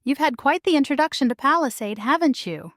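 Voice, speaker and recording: Give me the sound of a gushing, high-voiced innkeeper, as a woman narrator acts her out. She lays it on sweet and sentimental in a dry audiobook read. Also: expressive, fairly quick, a bit bright, no room sound. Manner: gushing, calls people darling. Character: effusive older woman innkeeper.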